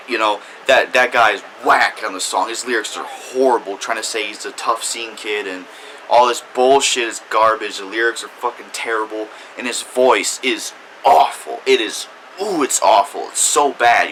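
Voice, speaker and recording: A man ranting about a song in a loud, profane, exaggerated commentary full of cursing. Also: medium pitch, a little hiss or hum, low-quality recording. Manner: angry, cursing, exaggerated outbursts. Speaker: music reviewer.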